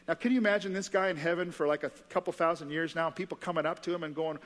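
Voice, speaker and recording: A man's voice: fairly high pitch, fast talker, few pauses, a bit bright, big-room sound. A male pastor preaching a sermon in a conversational, earnest way, recorded in a church auditorium. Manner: conversational, earnest, lots of fillers.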